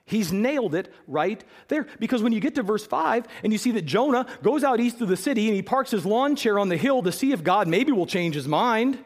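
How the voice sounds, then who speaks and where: A male pastor delivers a sermon in a high voice. His delivery is emphatic, and he repeats key phrases to drive them home. His pitch leaps and falls widely as he presses each point. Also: expressive, a little fast, hardly any pauses.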